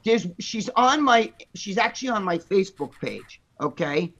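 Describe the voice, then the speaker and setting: A man's voice: high-pitched, lively intonation, moderate pace, a bit bright, muffled recording. A man telling crude stories on a podcast panel, hyper and rambling, swearing constantly. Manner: hyper, profane, rambling storyteller. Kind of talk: crude storytelling chat.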